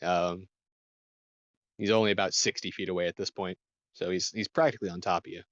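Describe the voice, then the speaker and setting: A man's voice: low voice, fairly even intonation, a little fast, dry recording, highs cut off. A man running a tabletop game as game master, hesitant and filling with "kinda" and "uh".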